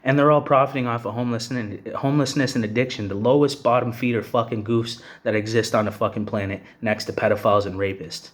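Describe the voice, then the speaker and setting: Speaking quickly with few pauses, this medium-pitched man keeps a steady tone through an angry personal rant to camera. The young Hamilton, Ontario vlogger swears bluntly and peppers his talk with "bro" and "you know what I'm saying."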